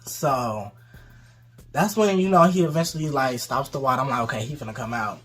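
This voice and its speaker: A man's voice: mid-range voice, a little fast, breathy edge, soft background music. A man spinning a dramatic personal story in casual chat, peppered with profanity and acted-out quotes. His voice sits in an ordinary mid range. He laughs as he goes. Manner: animated, profane, acts out quotes, laughs often. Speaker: co-host telling a story.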